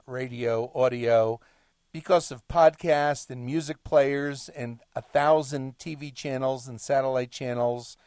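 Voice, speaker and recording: A man's voice: medium pitch, a little mellow, no echo, clean studio sound. A middle-aged man hosting a talk show, delivering an emphatic, lecturing monologue. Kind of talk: monologue commentary.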